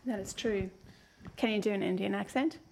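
A woman's voice: mid-range voice, normal speed, gravelly, a little mellow, slight background noise. Teasing woman co-hosting a podcast. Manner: teasing, laughs often. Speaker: podcast co-host. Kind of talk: casual chat.

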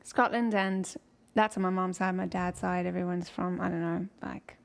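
A woman's voice: fairly low pitch, steady tone, moderate pace, gravelly. A young woman with a South African accent, tipsy and easygoing, laughing often in casual chat.

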